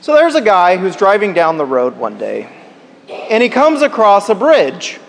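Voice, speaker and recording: High-voiced pastor in a reverberant church. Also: male voice, huge pitch swings, vocal fry. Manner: tells a joke with quoted voices, measured delivery. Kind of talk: sermon.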